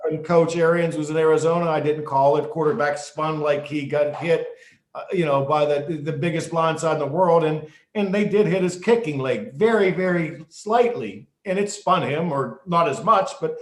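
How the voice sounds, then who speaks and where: Animated man telling referee stories. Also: a little high, normal speed. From United States. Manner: animated storyteller, many restarts. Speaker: guest, former football referee and basketball official. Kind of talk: storytelling interview. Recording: echoey room.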